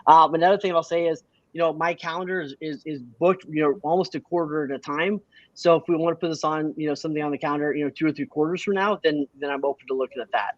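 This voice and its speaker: Energetic coach, fairly high male voice. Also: quick pace, no echo, highs cut off. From Canada. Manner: energetic, many restarts and rhetorical "right?". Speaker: business coach and CEO. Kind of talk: casual interview talk.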